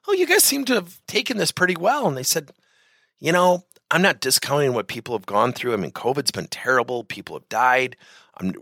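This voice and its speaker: A middle-aged man giving a motivational talk to business leaders, telling stories and swinging his pitch widely for emphasis. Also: pushed and bright, slightly rough, no echo. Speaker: business speaker addressing leaders.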